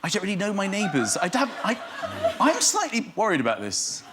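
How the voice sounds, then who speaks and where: A man's voice: high voice, a little fast, heavy background noise. A middle-aged man, a comedian guest on a chat show, telling rambling comic anecdotes. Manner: rambling, animated storytelling with laughs. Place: TV studio with live audience.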